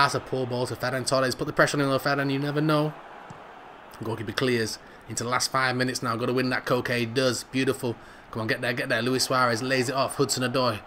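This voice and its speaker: A man commentating on his own football video game, cracking jokes and bursting into shouts whenever a goal goes in. His voice sits fairly high and swings widely. There is a faint hiss in the background. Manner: jokey, excitable, yells at goals. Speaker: gaming channel host.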